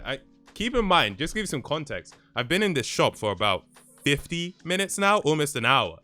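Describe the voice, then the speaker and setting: A man's voice: on the high side, moderate pace. A young man from Nigeria, telling a story in a casual, chatty way to his live stream chat. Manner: animated, laughing, chatty retelling. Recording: faint music behind.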